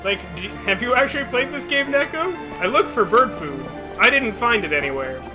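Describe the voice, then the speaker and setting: A man's voice: extremely high pitch, sing-song, fairly quick. A man streaming a video game, joking and rambling to his viewers in casual commentary. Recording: game music playing behind.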